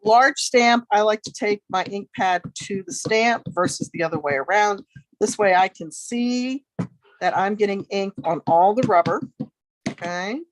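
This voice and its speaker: A woman's voice: medium pitch, a little slow. Chatty woman demonstrating a craft project. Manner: chatty, friendly asides, thinks aloud while working. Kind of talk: casual tutorial demonstration. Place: home craft studio.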